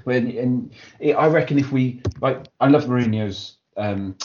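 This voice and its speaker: A man's voice: mid-range voice, a little slow, slight background noise. A man co-hosting a casual chat and getting passionate and fired up as he talks. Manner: passionate, builds up excitedly. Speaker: podcast co-host. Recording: dull lo-fi audio.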